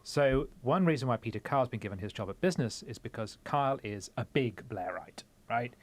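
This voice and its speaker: A man's voice: mid-range voice, animated, fairly quick. English man explaining the politics. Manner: explanatory, lays out the context. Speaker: podcast co-host. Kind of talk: political discussion.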